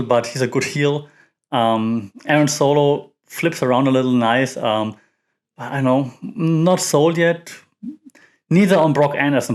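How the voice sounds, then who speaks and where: A man hosting a podcast, giving a casual, rambling recap full of fillers and restarts. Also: mid-range voice. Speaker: podcast host. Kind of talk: casual wrestling recap commentary.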